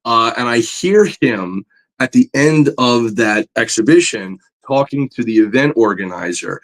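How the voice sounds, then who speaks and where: Guest artist, excitable and chatty, average pitch. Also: male voice, a little slow. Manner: enthusiastic, animated, many fillers. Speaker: guest, comic book artist. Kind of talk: casual interview storytelling.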